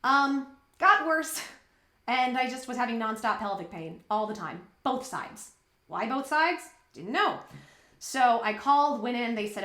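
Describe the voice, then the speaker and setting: A woman's voice: fairly high pitch, expressive, normal speed, pushed and bright, roomy sound. Candid woman telling a personal story. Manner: candid, rambling, emotional retelling. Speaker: vlogger.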